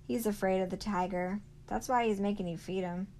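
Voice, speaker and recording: A woman's voice: medium pitch, fairly even intonation, fairly quick, mellow, slight background noise, lightly acted. A woman reading as a fierce stubborn girl. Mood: blunt.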